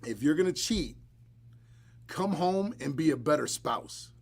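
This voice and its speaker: A man's voice: fairly high pitch, measured pace, gravelly, breathy edge. A man hosting a live podcast, chatting casually and bluntly with joking asides. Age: adult, married. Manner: blunt, joking, animated storytelling. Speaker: podcast host.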